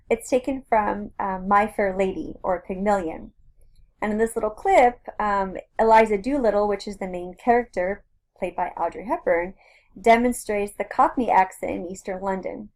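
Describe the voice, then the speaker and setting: A woman's voice: medium pitch, darkish tone. A woman teacher with a Southern Californian accent gives a recorded lecture in a casual, conversational way, explaining step by step with many fillers. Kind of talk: recorded flipped-classroom lecture.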